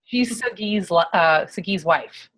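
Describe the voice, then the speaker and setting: A woman in her thirties from New York, hosting a casual team call and telling stories in a brash, profane, animated way. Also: mid-range voice, takes it slowly.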